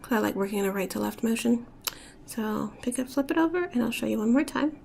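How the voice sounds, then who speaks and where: A woman giving a step-by-step beading tutorial, talking softly and often dropping to a whisper as she works. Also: on the high side, fairly even intonation, fast, gravelly, slight background noise. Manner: soft-spoken, often drops to a whisper while working.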